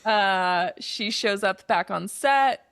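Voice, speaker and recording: Woman, podcast co-host, animated movie recap, dry close sound. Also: medium pitch, slow, clear, resonant tone, dry recording. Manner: animated retelling, acts out quotes. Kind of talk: casual movie recap chat.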